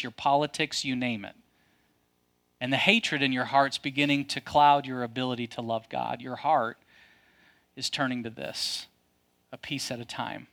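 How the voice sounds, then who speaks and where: A man preaching a sermon, his delivery swinging from loud and animated to hushed and slow. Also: medium pitch. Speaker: pastor.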